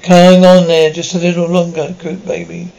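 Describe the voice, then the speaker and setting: A cloying, obsessive mother begging in a high, soft voice, as a man reads her lines. The reading stays close to his own voice, with no real change of character. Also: completely flat delivery, normal speed, creaky, rough recording. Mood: coaxing. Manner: pleading, cloying. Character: doting obsessive middle-aged mother.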